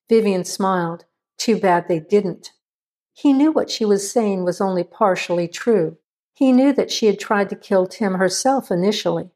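A woman reading a suspense story aloud with steady, measured narration. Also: mid-range voice. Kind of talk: scripted narration.

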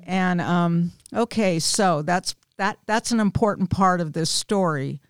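A woman's voice: fairly low pitch, measured pace, clean tone, no room sound, clean studio sound. A woman in her fifties, a small group leader, candidly telling a personal faith story with self-deprecating humor. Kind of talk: personal testimony in casual chat.

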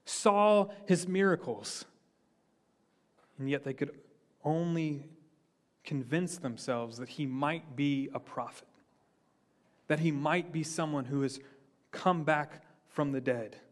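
A man preaching a sermon in a slightly high voice. He speaks earnestly, lifting his voice on key points and letting it fall low on the quieter lines. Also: slow pace, long pauses. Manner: earnest preaching, rising for emphasis then dropping low. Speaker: pastor.

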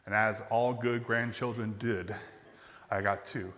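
A male pastor preaching a sermon, telling a personal story in a conversational way and letting phrase ends fall quiet and slow. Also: on the low side, steady tone, in a large hall. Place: church sanctuary.

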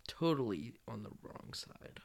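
A man's voice: medium pitch, very animated, a little slow, vocal fry. A man co-hosting a casual movie chat, wisecracking and teasing his co-host. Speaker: podcast co-host.

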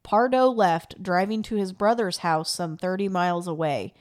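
A woman's voice: fairly low pitch, normal speed, a little mellow. A woman co-hosting a true crime podcast, telling stories in casual chat with dry teasing. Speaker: podcast co-host.

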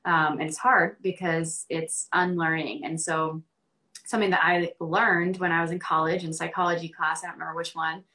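A woman's voice: deep voice, flat delivery, normal speed, bright, forceful tone. A young woman from Arkansas speaking as a podcast guest, earnest and casual with many fillers. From Central Arkansas. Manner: earnest, many ums and likes, laughs easily.

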